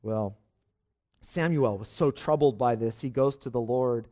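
A man's voice: mid-range voice, unhurried, dark tone. A man preaching a sermon at a church service, earnest and building his points with rhetorical questions and repeated phrases. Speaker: pastor.

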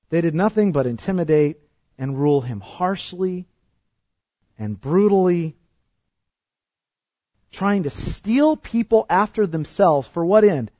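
A man preaching a sermon with passion, firing rhetorical questions and swinging from quiet to loud. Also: a little high, slightly rough, dry recording, lo-fi sound. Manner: impassioned, rhetorical questions, wide swings of loudness. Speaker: pastor.

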